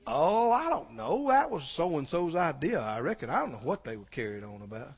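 A man voicing an indifferent churchgoer who mumbles his doubts in a low, dismissive drawl, heard in a dull recording with a long hall echo. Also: very animated, normal speed, breathy edge, heavily acted.

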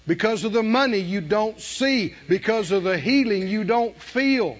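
A high-pitched man with a drawl preaches with fire, swinging from hushed asides to shouted lines. He chuckles between points. The recording is muffled and lo-fi. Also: expressive, a little slow, hardly any pauses. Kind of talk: sermon.

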